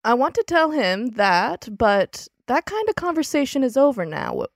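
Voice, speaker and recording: A woman's voice: sits high, very animated, moderate pace, no echo, clean studio sound. A woman co-hosting a podcast, casually chatting and reading her old diary aloud with giggly, playful drama. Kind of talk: casual chat.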